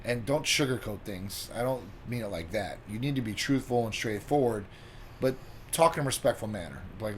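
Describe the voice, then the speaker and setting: A man's voice: lowish voice, moderate pace, slight background noise. A man co-hosting a health and lifestyle show, giving advice in a loose, casual way, full of "you know" and "like". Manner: relaxed, loose, many fillers like "you know" and "like". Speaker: co-host. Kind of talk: casual chat.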